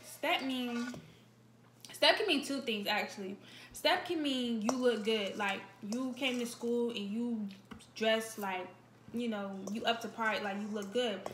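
A woman's voice: fairly high pitch, measured pace, noisy background. A young woman, casually explaining local slang in a home kitchen. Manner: laid-back, explains slang with examples. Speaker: co-host. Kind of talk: casual chat. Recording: echoey kitchen.

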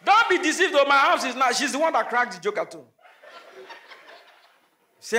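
A Nigerian man performing stand-up comedy, his voice very high and bright as he drives each joke home. He drops into Pidgin asides and hits his punchlines at full volume. The sound is echoey, with a faint hiss behind him. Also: lively intonation, brisk, long pauses. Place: comedy stage before a live audience. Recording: echoey venue with faint noise.

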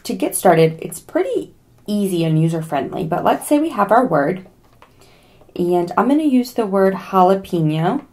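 A young adult woman hosting a casual how-to video, chatty and joking as she walks through a gadget step by step. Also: fairly low pitch. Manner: chatty, joking pleas to subscribe. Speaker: product demo host. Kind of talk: casual tutorial demo.

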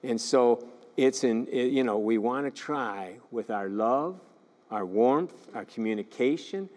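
A man leads a church class in a relaxed, talky manner, checking in with the room through questions. His voice sits at an ordinary middle pitch. The recording carries a long reverberant tail, as in a large church hall. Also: slow. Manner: conversational, asks the class questions.

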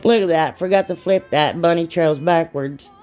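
A woman's voice: on the low side, normal speed, a little mellow, faint music behind. A woman chatting casually through a craft tutorial, rambling and self-deprecating, laughing at herself. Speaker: DIY crafts vlogger.

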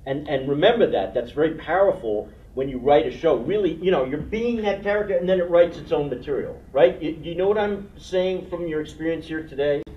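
A man's voice: a little high, expressive, a little fast, hardly any pauses, slight background noise. A man leading a puppetry workshop, talking loosely and with some profanity, often asking if the group follows him. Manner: loose, profane, keeps asking "you know what I mean?". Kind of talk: teaching talk with demonstrations. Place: workshop room. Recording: distant, roomy, dull workshop recording.

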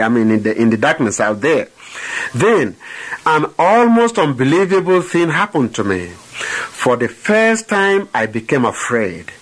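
A man's voice: medium pitch, a bit bright, low-quality recording. A man, an evangelist telling his personal testimony in a sermon, earnest and often repeating words as he corrects himself.

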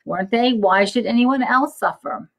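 A woman's voice: on the high side, normal speed, creaky, lo-fi sound, pitched above the performer's own voice. A woman voicing a kindly mountain peak who asks eager questions. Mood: curious.

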